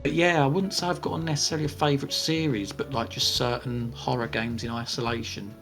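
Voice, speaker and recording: Measured man co-hosting a podcast. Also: mid-range voice, little pitch movement, a bit bright, soft background music. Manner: measured, hedging, thinks aloud. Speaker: podcast co-host. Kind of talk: casual Q&A chat.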